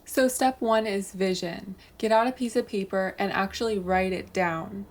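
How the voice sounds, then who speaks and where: A young adult woman talking straight to camera, giving brisk step-by-step coaching advice on self-help. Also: medium pitch. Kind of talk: direct-to-camera advice monologue.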